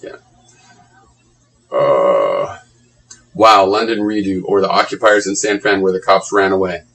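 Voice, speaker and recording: Sarcastic low-voiced man reading comments. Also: expressive, takes it slowly, creaky, fairly bright tone, low-quality recording. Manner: sarcastic, mocking, profane asides.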